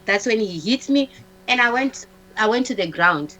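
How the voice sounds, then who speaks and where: A woman, a talk-show guest, telling a personal story in a halting way, restarting often, repeating words and acting out what others said. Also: fairly high pitch, expressive, pushed and bright, rough recording. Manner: acts out the dialogue of others in her story.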